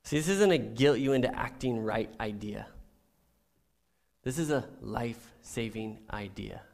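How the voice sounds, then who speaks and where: A middle-aged pastor preaches a sermon, telling stories animatedly and swinging between soft and loud. His voice is medium-pitched with vocal fry, and he speaks a little slowly.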